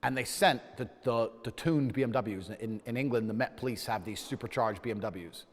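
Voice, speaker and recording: A man's voice: medium pitch, a little fast, long reverb tail. A man telling a heated anecdote in an indignant, profane, ranting way. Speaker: storyteller.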